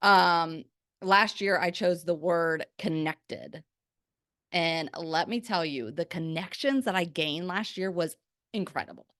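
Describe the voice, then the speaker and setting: A woman hosting a faith-based podcast, talking in a chatty, energetic way full of "like" fillers. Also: on the low side, slow, no room sound, clean studio sound. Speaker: podcast host. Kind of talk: faith-based pep talk.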